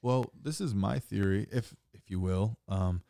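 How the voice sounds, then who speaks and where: Young guy podcast guest, talks loose and swears, lots of "like", low-ish voice, dry mic. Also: measured pace, gravelly, dry recording. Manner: animated, swears a lot, says "like" often. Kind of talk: casual storytelling chat.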